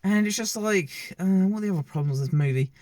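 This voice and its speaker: Male film reviewer, slightly high voice, loose and hesitant delivery, dead-dry recording. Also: lively intonation, fast talker, a little mellow, no room sound. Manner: rambling, hesitant, many fillers and restarts. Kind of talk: casual spoken movie review.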